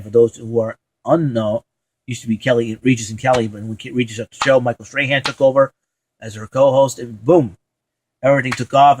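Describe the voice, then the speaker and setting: Male vlog host, mid pitch, rambling, enthusiastic, casual at home. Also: slight background noise, poor audio. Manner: rambling, many fillers, enthusiastic. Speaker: show host.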